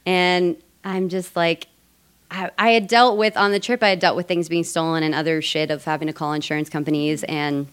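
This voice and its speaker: A woman's voice: low-pitched, fairly even intonation, normal speed, smooth. A woman from Colorado telling a personal story on stage, chatty and casual, laughing often. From Colorado, USA. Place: theater stage before a live audience.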